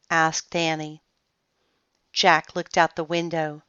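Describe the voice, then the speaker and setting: A woman reading a children's book aloud in slow, clear storytelling. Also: low-pitched, steady tone, fairly bright tone, dry recording. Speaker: reader. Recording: dull lo-fi sound, dry.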